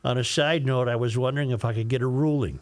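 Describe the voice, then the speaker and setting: A man's voice: medium pitch, fairly even intonation, fast, dry recording. A talk radio host reads listener mail aloud in a loose, chuckling way. His voice sits in an ordinary middle range and comes across close and dry, with almost no room sound.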